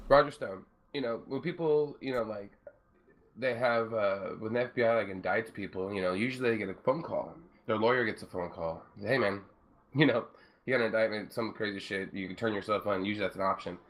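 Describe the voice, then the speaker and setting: A young man co-hosting a casual show, telling long rambling stories full of fillers. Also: on the low side. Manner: rambling, animated storytelling with many fillers. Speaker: show co-host. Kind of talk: casual podcast chat.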